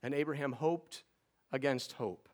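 A middle-aged man preaching a sermon as pastor, earnest and pleading, often restarting words in quick repeats. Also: mid-range voice.

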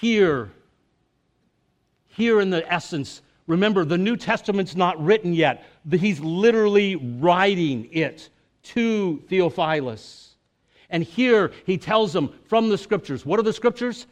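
A man's voice: high-pitched, animated, unhurried. A male preacher giving a sermon in a casual, conversational way, with jokes and filler words.

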